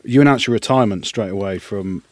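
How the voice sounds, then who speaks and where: A man with a fairly low voice co-hosts a podcast, chipping in with quick, cheeky banter and questions. The recording is dry and close, with no room sound. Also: no room sound. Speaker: podcast co-host, former rugby player. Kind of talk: casual chat, interjecting banter.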